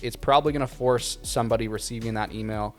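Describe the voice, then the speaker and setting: A man hosting a casual question-and-answer video, giving relaxed, conversational advice with frequent ums and uhs. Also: medium pitch, fast talker, faint music behind. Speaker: video production channel host.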